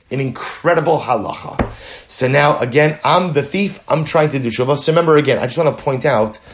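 A man teaching a Torah lesson in class, telling dramatic examples and repeating key phrases for emphasis. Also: medium pitch. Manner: animated, dramatic storytelling with role-play examples.

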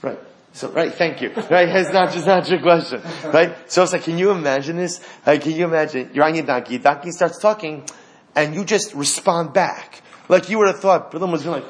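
A man teaching a Torah class, animated, asking rhetorical questions and acting out the lines of the story. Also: a little high, fairly quick.

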